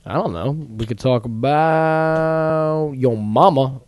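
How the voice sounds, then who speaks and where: A man's voice: fairly high pitch, slow, a little mellow, clear, resonant tone, no echo, soft background music. A man cohosting a comedy podcast, joking and running himself down. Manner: self-deprecating, joking. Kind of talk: casual comedy chat.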